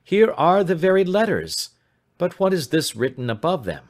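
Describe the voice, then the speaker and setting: A man voicing an obstinate, scornful older man who brushes off a threat with loud, blustering protests. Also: medium pitch, big pitch swings, measured pace. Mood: startled.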